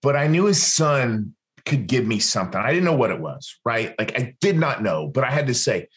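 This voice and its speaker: A man's voice: medium pitch, moderate pace. A man, a former interrogator telling a story in an interview, acting out what other people said. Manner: animated, acts out other people's lines. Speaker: guest, former military interrogator.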